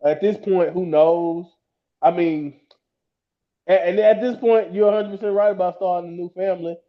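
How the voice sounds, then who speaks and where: A man's voice: sits high, steady tone, normal speed. A man co-hosting a podcast in casual chat, agreeable and often laughing, repeating words as he gets started. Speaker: podcast co-host. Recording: slightly muffled lo-fi audio.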